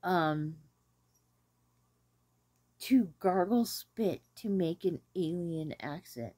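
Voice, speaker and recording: A woman hosting a casual talk about an old film, rambling and hesitant with many pauses. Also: lowish voice, dark tone, husky, no echo. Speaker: host reviewing an 80s film. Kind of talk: casual chat.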